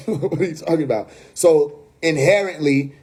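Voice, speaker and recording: Blunt, profane New York man, husky voice. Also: a little high, normal speed, darkish tone. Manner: blunt, profane, laughing asides. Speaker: livestream host. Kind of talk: casual livestream rant.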